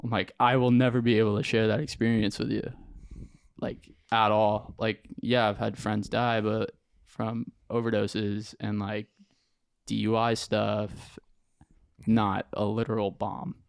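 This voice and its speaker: A young man, a podcast guest, telling his story in an animated, slangy way with lots of acted-out quotes. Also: on the low side, a little slow, creaky, smooth, no echo, studio quality. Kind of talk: casual storytelling interview.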